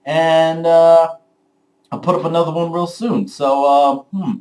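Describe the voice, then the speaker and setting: Loud, profane young man ranting in an echoey room. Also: a little high, fairly even intonation, measured pace. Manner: loud, profane, rambling with many fillers. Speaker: vlogger. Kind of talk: casual comedic rant. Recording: echoey room on a camera mic.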